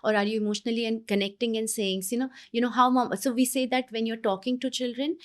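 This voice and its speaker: A woman with an Indian English accent, a parenting expert explaining her methods in an interview, earnest and animated. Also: on the high side, racing. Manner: earnest, animated when acting out parent moments.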